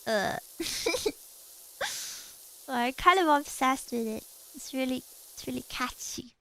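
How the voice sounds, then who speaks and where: Streamer, female, very high pitch, easygoing slow delivery, bubbly and giggly casual chat. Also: sharp tone, low-quality recording. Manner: bubbly, giggly, chatting with viewers. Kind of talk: casual chat while gaming.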